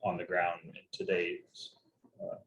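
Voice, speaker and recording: A man's voice: deep voice, monotone, measured pace, a bit bright, dull audio, a little hiss or hum. A man leading a public board meeting, speaking in a hesitant, hedging way with many fillers. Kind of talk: formal meeting discussion.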